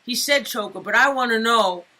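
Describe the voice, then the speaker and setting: A woman's voice: fairly high pitch, moderate pace, sharp tone. A woman co-hosting talk radio, chatting in a streetwise, crude, bantering way. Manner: streetwise, chatty, keeps asking "you know what I'm saying". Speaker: radio co-host.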